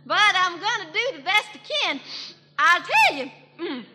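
A very high, bright-edged country gal with a rural Southern accent , put on by a woman comedian, gushing breathlessly through folksy small-town gossip. Her voice swoops up and down, and it rings out in a long hall reverb on an old 1940s radio broadcast. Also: very animated, a little slow, very noisy, heavily acted. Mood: gossipy. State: has a cold.

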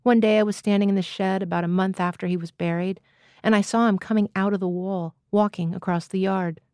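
A woman voicing an odd, silent older countryman who tells a rambling story plainly and slowly in a storybook reading. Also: mid-range voice, steady tone, dark tone, clean tone, dry recording, studio quality, close to an everyday voice. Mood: earnest.

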